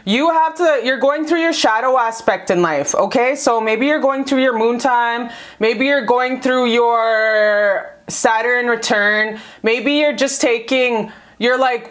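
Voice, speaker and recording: A woman's voice: fairly high pitch, a little slow, hardly any pauses. A woman giving a casual tarot reading to camera, slangy and profane, calling viewers baby and sis. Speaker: tarot card reader.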